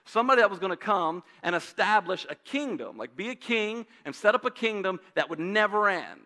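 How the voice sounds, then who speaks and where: Bright, high-voiced pastor preaching casually. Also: male voice. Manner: conversational, uses asides and rhetorical questions. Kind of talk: sermon. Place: church sanctuary.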